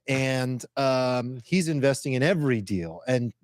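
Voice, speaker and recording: Relaxed man hosting a podcast. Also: mid-range voice, unhurried, dry recording, clean studio sound. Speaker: podcast host. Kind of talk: casual chat.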